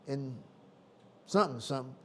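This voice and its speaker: A man with a Southern accent preaching a sermon in call-and-response style, swinging from quiet asides to loud exclamations. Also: medium pitch, normal speed.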